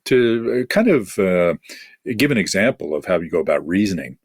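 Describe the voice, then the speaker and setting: A man's voice: deep voice, very animated, slightly rough, no echo, studio quality. A man hosting a podcast discussion, talking casually with frequent fillers and restarts. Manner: halting, many fillers and restarts. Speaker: podcast host.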